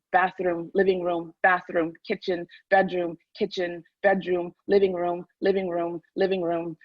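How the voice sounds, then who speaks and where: A woman author talking candidly, then reading from her memoir in a measured, deliberate way. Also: fairly low pitch, no room sound, highs cut off. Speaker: author and guest.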